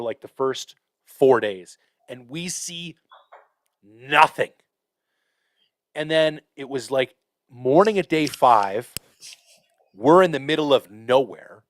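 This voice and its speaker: A man hosting a podcast, telling a hunting story in a casual, profane, animated way with lots of fillers. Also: mid-range voice, dry recording. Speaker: podcast host.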